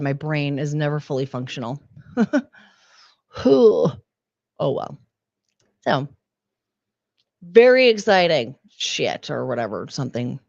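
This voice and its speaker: A woman with a hoarse, sick voice, hosting a stream in casual, halting, rambling chat that pokes fun at herself. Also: lowish voice, darkish tone, no echo, lo-fi sound. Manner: rambling, halting, self-deprecating. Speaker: streamer host.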